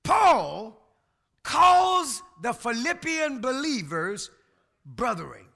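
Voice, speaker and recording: Man preaching a sermon, gravelly and animated, loud emphasis, chatty asides to the church. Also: extremely high pitch, extremely slow. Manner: emphatic preaching, shouting on key words, talking back to the congregation; colloquial, folksy asides.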